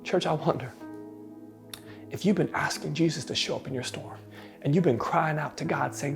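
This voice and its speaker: A pastor preaching a sermon, rising to emphatic peaks and dropping soft, with many repeated, stammered starts. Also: male voice, a little high, moderate pace, creaky, pauses often, soft background music. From United States.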